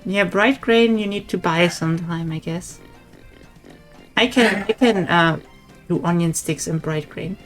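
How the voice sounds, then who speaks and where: A woman with a slightly low voice streams a game and thinks aloud in easy chat with a friend. She muses over her choices between dry little jokes. Faint game music plays under her voice. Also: measured pace. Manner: musing, thinks aloud while playing. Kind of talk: casual gaming chat. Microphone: streaming setup.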